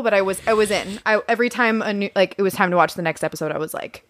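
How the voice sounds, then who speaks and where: A woman's voice: mid-range voice, lively intonation, a little fast, hardly any pauses, dry recording. A woman co-hosting a podcast in casual chat, blunt and laughing often. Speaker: podcast co-host.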